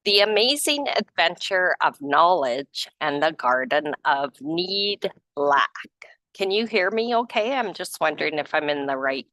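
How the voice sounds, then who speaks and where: Chatty woman reading aloud, slow and lively. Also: low voice, no room sound. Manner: laughs often, chatty and self-correcting. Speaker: group reader. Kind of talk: casual reading and group discussion.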